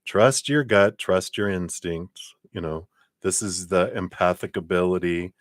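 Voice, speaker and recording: A man's voice: low voice, a little slow, no echo, clean studio sound. A man giving a casual live tarot reading, chatty and encouraging, thinking aloud as he goes. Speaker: tarot card reader.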